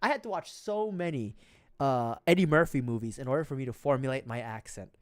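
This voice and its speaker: A man's voice: medium pitch, fairly quick, no room sound, clean studio sound. A young man from the Philippines with a Filipino accent, chatting on a casual livestream, rambling, swearing freely and laughing often. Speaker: streamer.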